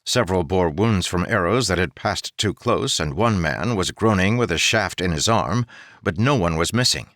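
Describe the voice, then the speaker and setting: Casting: male audiobook narrator, deep and expressive, dry close sound. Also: normal speed, no room sound. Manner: steady narration. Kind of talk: audiobook reading.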